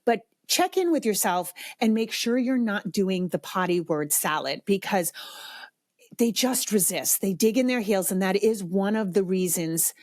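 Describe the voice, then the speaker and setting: A woman's voice: expressive, unhurried, a little mellow, dry recording, studio quality. A middle-aged woman hosting a solo parenting podcast, talking conversationally and emphatically. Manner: conversational, emphatic, acts out quoted parents in a high sing-song voice. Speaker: podcast host, potty training expert. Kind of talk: solo podcast advice talk.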